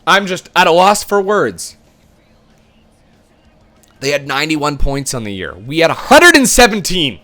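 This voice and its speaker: A man's voice: fairly high pitch, sing-song, a little slow, long pauses, sharp tone, soft background music. A young man giving frustrated, swearing commentary while he plays a hockey game. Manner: exasperated, swearing, ranting. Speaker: gaming video host.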